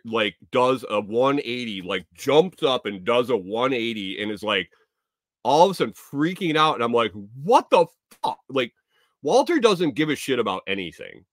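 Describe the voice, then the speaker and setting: A man hosting a podcast, telling a casual, rambling story full of profanity that now and then rises to loud exclamations. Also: medium pitch, dry recording, studio quality. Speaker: podcast host.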